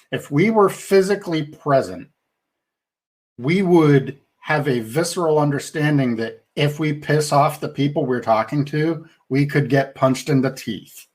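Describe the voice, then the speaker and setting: A middle-aged man co-hosts a casual podcast discussion, talking things through thoughtfully and ramblingly, with restarts. His voice is medium-pitched and expressive, at a normal speed.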